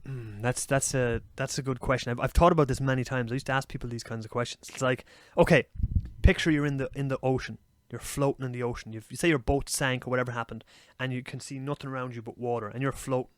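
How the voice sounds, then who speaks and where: Irish podcast co-host, young, quick and animated, salty language, dry close mic. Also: male voice, mid-range voice, no echo. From Ireland. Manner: animated storyteller, swears freely. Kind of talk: casual chat.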